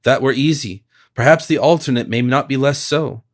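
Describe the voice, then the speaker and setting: A man's voice: medium pitch, normal speed, close to an everyday voice. A man reading the part of a dignified young woman, an elder sister, speaking firmly and solemnly. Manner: firm, solemn.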